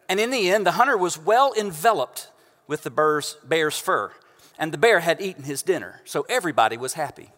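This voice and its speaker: A pastor preaching a sermon from a church stage into a microphone, conversational and joking with the congregation. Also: male voice, on the high side, animated, a little fast, fairly bright tone. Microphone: stage microphone through house speakers. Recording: long church reverb.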